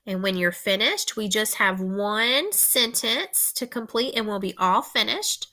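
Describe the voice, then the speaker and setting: Woman, teacher, spelling dictation, slow deliberate pace, bright tone, repeats each word. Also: mid-range voice, lively intonation.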